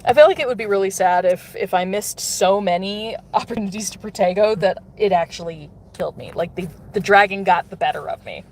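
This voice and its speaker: A woman's voice: mid-range voice, fairly quick, hardly any pauses, darkish tone, slight background noise. Chatty giggly woman streaming from a car. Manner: chatty, giggly, talks to viewers. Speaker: mobile game streamer. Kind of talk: casual live-stream chat while playing. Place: in a car, pulling over.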